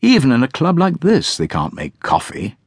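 A man voicing a lean old retired country solicitor who talks quietly and with firm assurance. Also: mid-range voice, wildly swooping pitch, normal speed, breathy edge, no room sound, clean studio sound, voice pushed up. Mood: dogmatic.

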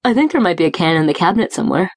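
Woman voicing an easygoing young guy, relaxed and plain-spoken, lowish voice, dry close audiobook read. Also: racing, no room sound. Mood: fond.

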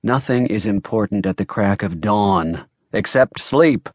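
A man voicing a groggy, gruff private eye who is woken too early, speaking in a grumpy and wry way in an audiobook. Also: lowish voice, a little slow, no room sound, studio quality, voice pushed down. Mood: irritated.

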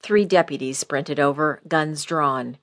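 A woman narrating a first-person thriller audiobook in a steady storytelling voice. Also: low voice, a little slow.

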